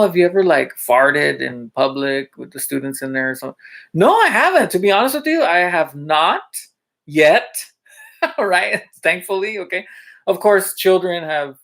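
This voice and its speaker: A male teacher casually telling funny school stories to his viewers, chatty, with lots of fillers and quick check-ins, often laughing as he goes. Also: fairly high pitch, gravelly, a bit bright. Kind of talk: casual storytelling vlog.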